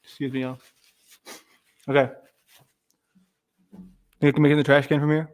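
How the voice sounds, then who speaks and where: A man's voice: medium pitch, flat delivery, normal speed, no echo. A man hosting a livestream, rambling through casual commentary with lots of swearing and restarts. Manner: rambling, profane, loses his thread. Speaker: streamer host.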